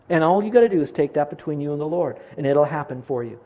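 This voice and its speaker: A man preaching a sermon as a pastor, earnest and emphatic, slowing down to stress key phrases. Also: on the high side, lively intonation, dark tone, muffled recording.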